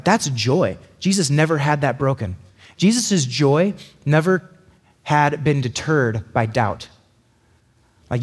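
A man preaching a casual, conversational sermon, chatty and animated, often acting out quick little voices to make a point. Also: on the high side, husky.

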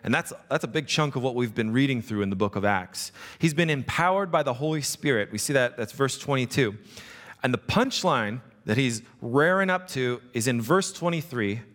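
Male pastor, relaxed sermon delivery, middle pitch, reverberant sanctuary sound. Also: normal speed. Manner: conversational, asks the congregation "right?" often. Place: church sanctuary. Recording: long reverb of a hall.

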